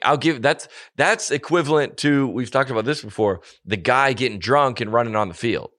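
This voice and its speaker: A man's voice: mid-range voice, normal speed, few pauses, a bit bright, no echo, clean studio sound. A man co-hosting a podcast, ranting animatedly in casual chat and mocking people with put-on quotes. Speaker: podcast co-host.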